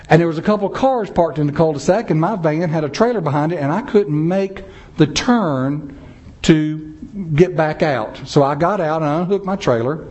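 A man's voice: fairly high pitch, a little mellow. A man preaching a sermon, telling a story with dramatic swings of pace and emphasis. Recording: dull lo-fi sound.

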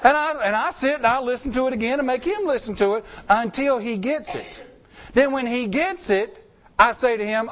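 A pastor with a fairly high, fairly bright voice preaches at a moderate pace. His style is folksy and conversational, his pitch rising and falling as he drives home each point.

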